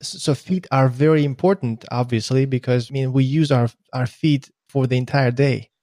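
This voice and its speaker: A man from Russia hosting a podcast, speaking in a casual, halting way with stammered restarts. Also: medium pitch, warm tone, dry recording, studio quality. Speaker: podcast host. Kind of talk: casual interview chat.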